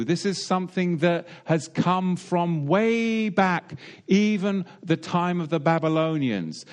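A man's voice: fairly high pitch, a little mellow. A British man preaching a sermon in a wry, digressive way, full of rhetorical questions and asides. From Britain.

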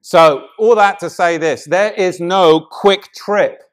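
A middle-aged man delivering a sermon, swinging between loud emphatic preaching and hushed, intimate passages. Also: sits high, slow pace.

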